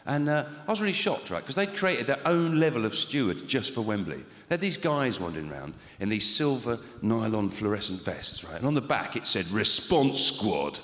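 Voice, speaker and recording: A middle-aged man doing a deadpan, sardonic stand-up routine. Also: mid-range voice, a little fast, hardly any pauses, a little hiss or hum. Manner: deadpan, dry and sardonic, swearing. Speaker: stand-up comedian. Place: large comedy venue. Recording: echoey hall with loud audience laughter.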